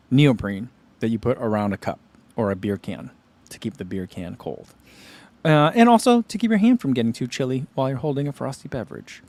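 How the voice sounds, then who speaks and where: A man's voice: medium pitch, darkish tone. A man hosting a running channel, chatting casually on a livestream and answering viewer comments, rambling with lots of "like" and "you know.".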